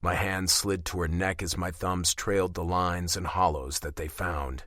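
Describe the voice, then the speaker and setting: A man narrating a romance audiobook in the first person, confident and lively. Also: low voice, a little slow, no echo, clean studio sound.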